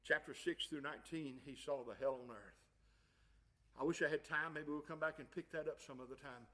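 A man preaching a fervent sermon. He moves from quiet, folksy asides to shouted passages and calls his listeners "my friend" and "honey.". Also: on the high side, fairly quick, poor audio.

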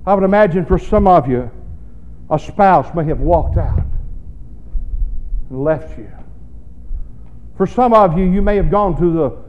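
A man preaching a sermon, swinging between booming shouts and low, hushed asides. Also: lively intonation, unhurried, long pauses, dull audio.

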